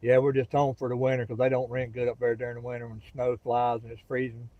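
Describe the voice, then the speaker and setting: A middle-aged man from Florida's Gulf Coast, with a Southern drawl, chats casually and folksily with viewers on a phone livestream outdoors near a pasture. He's relaxed and talks straight to his audience, his medium-pitched voice moving fast. The recording has no room sound, and the highs are cut off.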